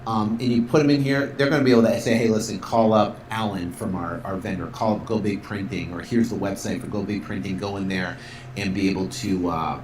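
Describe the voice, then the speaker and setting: A man instructor giving a casual software walkthrough tutorial, upbeat and full of fillers, acting out sales calls. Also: on the low side, fairly even intonation, a little fast, roomy sound, slight background noise.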